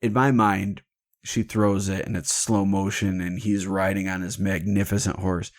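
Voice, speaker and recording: Deep-voiced man telling stories irreverently. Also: little pitch movement, moderate pace, no room sound, clean studio sound. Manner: irreverent and jokey, swears freely. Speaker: podcast host. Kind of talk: casual storytelling chat.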